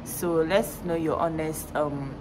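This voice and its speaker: A young woman, loud and playful in casual chat. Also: low voice, steady tone, takes it slowly, background noise. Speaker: guest co-host.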